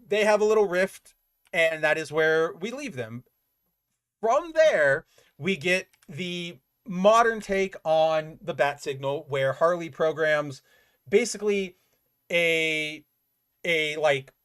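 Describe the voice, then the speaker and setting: A man hosting a comic book podcast, recapping an issue in casual, animated chat, filling his talk with "like" and swearing freely. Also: fairly high pitch, takes it slowly, smooth.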